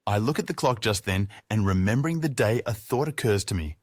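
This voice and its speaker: A man's voice: fairly low pitch, expressive, fairly quick, few pauses, a little mellow, dry recording, studio quality. A man narrating an audiobook in a wry, conversational first-person style.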